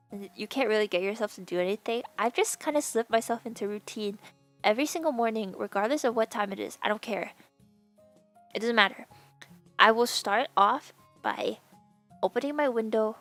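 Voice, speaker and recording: Young woman streaming w a lisp + a bit of throat fry, kinda high voice, rambly and giggly, soft music behind. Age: young adult. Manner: rambling, many fillers and restarts; laughs and bursts into squeals. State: vocal fry from a sore throat. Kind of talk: casual chat to a live stream.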